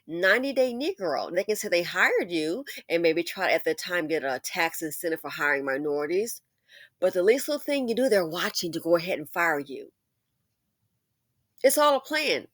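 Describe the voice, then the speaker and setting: A woman's voice: fairly low pitch, expressive, moderate pace, fairly bright tone, no room sound. A woman hosting a commentary monologue, emphatic and preachy, repeating her points for force. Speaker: commentary channel host.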